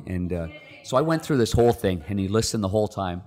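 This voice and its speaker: A deep-voiced middle-aged man tells a story in a relaxed podcast chat and acts out the voices of the people in it. His voice carries a long reverb tail. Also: quick pace. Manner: animated, acts out the quoted people. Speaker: podcast guest. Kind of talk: casual storytelling.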